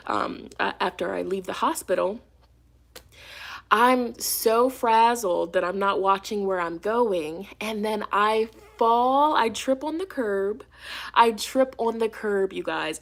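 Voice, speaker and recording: Animated woman telling a story. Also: mid-range voice. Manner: animated and emphatic, swears freely. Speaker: tarot reader and channel host. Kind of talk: casual storytelling to camera.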